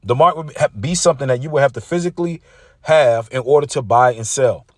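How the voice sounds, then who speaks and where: Brief: combative male preacher, mid-pitched, dead-dry sound. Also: a little fast, darkish tone, dry recording. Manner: combative, reads scripture aloud, mocking rivals. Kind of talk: street-preacher sermon video.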